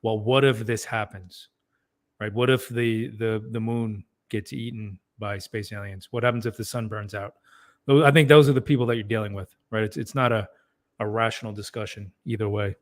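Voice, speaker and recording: A man's voice: fairly low pitch, steady tone, normal speed. A man co-hosting a fatherhood podcast, earnest in casual chat and stacking up mocking examples. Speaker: podcast co-host.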